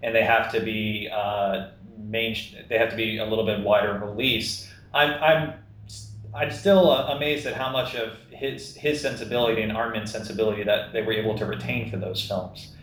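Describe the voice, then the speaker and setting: A man hosting a podcast interview, speaking in a measured way with short agreeing replies. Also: on the low side, fairly even intonation, a bit bright. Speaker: podcast host. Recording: roomy, distant from the mic.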